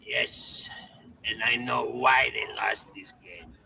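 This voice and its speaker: An actor playing a bigoted, hot-tempered taxi driver from Europe who rants slowly and threatens his passenger. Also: on the low side, heavily acted. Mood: grumbling. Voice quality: gravelly. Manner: ranting, threatening, slow. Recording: distant voice over loud traffic.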